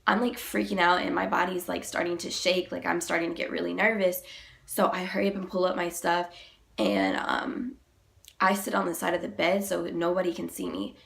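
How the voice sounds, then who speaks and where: A young woman vlogger, sick and deeper-voiced than usual, retelling a personal story in a halting, emotional way, full of "like". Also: steady tone, vocal fry, fairly bright tone.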